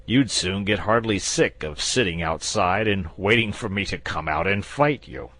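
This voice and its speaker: A man's voice: deep voice, animated, normal speed, fairly bright tone, dry recording, voice pushed up. A man voicing a bored, coy, sociable male dragon, fussy and wry in manner.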